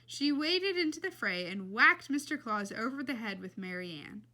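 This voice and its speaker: A woman reading a children's novel aloud in a lively, expressive way. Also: medium pitch, normal speed. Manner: lively and expressive, laughs between passages. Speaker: reader.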